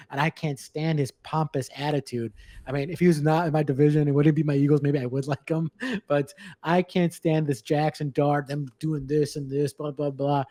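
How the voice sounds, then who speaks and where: A man's voice: fairly high pitch, mellow, no echo. A man co-hosting a sports podcast in casual chat, rambling and blunt, with lots of restarts. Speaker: podcast co-host.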